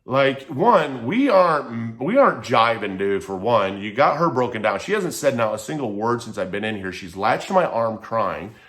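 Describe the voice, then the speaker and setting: A man recounts a personal story in a loose, casual vlog delivery at an ordinary mid-range pitch. He talks heatedly, with plenty of swearing, and keeps it animated. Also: normal speed, hardly any pauses. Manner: heated, profane, animated retelling. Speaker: vlogger telling a personal story.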